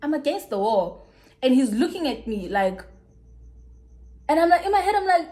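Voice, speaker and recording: A young woman with a South African accent, telling a personal story in a casual, animated way with big swings in pitch. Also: normal speed, pauses often. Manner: animated, dramatic retelling with swooping pitch. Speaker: YouTuber.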